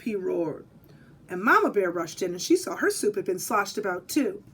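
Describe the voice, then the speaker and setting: A woman, a physical education teacher, reading a picture book aloud with animated storytelling. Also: fairly low pitch, normal speed, husky.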